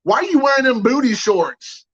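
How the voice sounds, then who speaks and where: A man putting on the voice of a loud, pushy eight-year-old boy who keeps needling someone. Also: very high voice, very animated, moderate pace, slightly rough, lo-fi sound, voice pushed up, full character voice. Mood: mocking.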